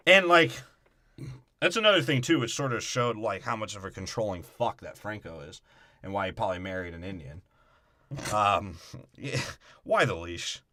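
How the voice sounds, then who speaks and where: A man's voice: on the low side, lively intonation, normal speed, pauses often, bright, forceful tone, dry recording, studio quality. A man co-hosting a podcast, riffing through a movie breakdown in crude, profane, joking banter. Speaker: podcast co-host.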